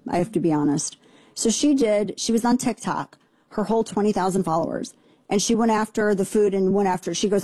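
A woman hosting a talk radio show, delivering indignant, sarcastic commentary in rapid rants. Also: fairly low pitch, dark tone, husky, dry recording.

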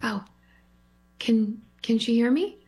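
A woman's voice: on the high side, expressive, slow pace, mellow, slightly rough. A woman therapist on a radio call-in show, explaining her method and laughing easily. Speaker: guest therapist.

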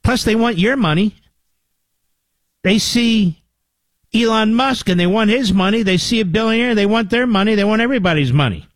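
A man's voice: high voice, lively intonation, normal speed, a bit bright, dry recording. An older man hosting a talk radio show, with a combative, sarcastic monologue and mocking asides to his producer.

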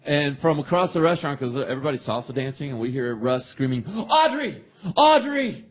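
A man's voice: mid-range voice, fairly even intonation, fast. A man hosting a radio morning show, telling a story casually with many fillers. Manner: hesitant, filler-heavy storyteller.

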